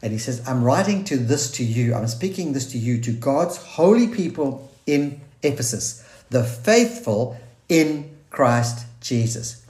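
A man's voice: medium pitch, animated, moderate pace, dark tone. A man preaching a sermon in an earnest, searching way, quoting scripture and restarting his thoughts. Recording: roomy echo.

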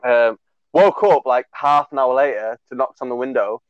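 A young male podcast co-host in his twenties rambles through a lengthy casual story, laughing, swearing, and packing in fillers. He has a medium-pitched voice and a moderate pace. The recording has no room sound and its highs are cut off.

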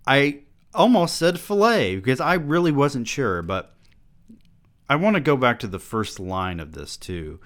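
A man's voice: medium pitch, very animated, unhurried, a bit bright. A man hosting a podcast, reviewing a novel in casual, sarcastic commentary and reading passages aloud. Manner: sarcastic, mocking. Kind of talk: casual critical commentary with read-aloud excerpts.

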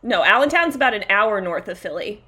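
A woman's voice: mid-range voice, expressive, brisk, bright, forceful tone. Chatty woman co-hosting a podcast. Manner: chatty, laughs while talking, reads out lists. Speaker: podcast co-host. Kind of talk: casual chat.

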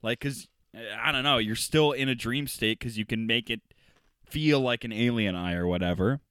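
Young dude cohost, laid back, bright voice, dry room. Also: male voice, mid-range voice, moderate pace, clear, resonant tone, no room sound. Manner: easygoing, chiming in with reactions and theories. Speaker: podcast co-host. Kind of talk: casual chat.

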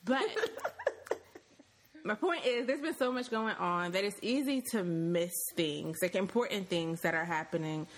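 A woman co-hosts a relaxed podcast in a slightly low voice. She talks loosely, often pausing on ums while she gathers her thoughts. A light hiss runs underneath. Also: low-quality recording. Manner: conversational, thinks aloud with frequent ums and restarts. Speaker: podcast co-host. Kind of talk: casual podcast chat.

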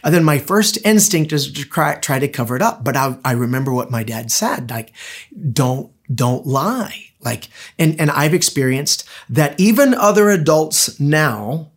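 A man's voice: fairly high pitch, expressive, unhurried. Middle-aged male pastor, conversational storytelling sermon delivery. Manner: conversational, anecdotal, with restarts.

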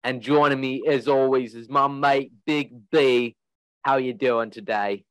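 A man's voice: mid-range voice, fairly even intonation, measured pace, smooth, no echo, low-quality recording. A young man hosting a sports podcast in a casual, rambling way, full of fillers. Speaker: podcast host.

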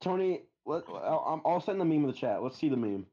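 A man rambles and jokes sarcastically on a casual podcast call, his voice mellow and a little husky. His mic sounds dull and lo-fi. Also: a little high, big pitch swings, brisk. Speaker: podcast co-host. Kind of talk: casual chat. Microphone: online group call.

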